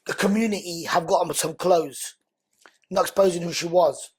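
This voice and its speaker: A man, a podcast guest, telling his story in a lively, conversational way and acting out the dialogue. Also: high voice, normal speed, husky. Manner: animated, acts out quoted dialogue.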